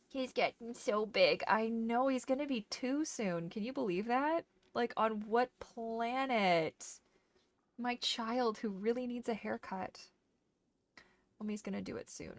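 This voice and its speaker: A woman chatting casually while streaming a game, slipping into doting baby talk to her dog. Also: fairly high pitch. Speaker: gaming streamer. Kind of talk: casual gameplay chat.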